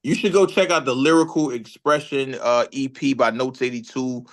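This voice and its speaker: A Brooklyn, New York rapper, a man with a mid-range voice and moderate pace, tells a story as a guest in a casual interview. He's an animated storyteller who acts out the lines other people said.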